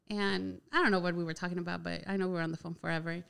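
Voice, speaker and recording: A young woman casually telling a personal story, chatty and animated, with a lot of "like" filler. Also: lowish voice, very fast, vocal fry, hardly any pauses, clear, resonant tone. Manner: chatty, heavy use of "like" filler, animated retelling.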